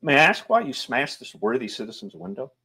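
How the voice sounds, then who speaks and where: A man's voice: medium pitch, big pitch swings, brisk, pushed and bright, slightly rough, pitched above the performer's own voice, exaggerated voice. A man voicing a pompous middle-aged male police magistrate who blusters, turns irritable and talks down to the accused.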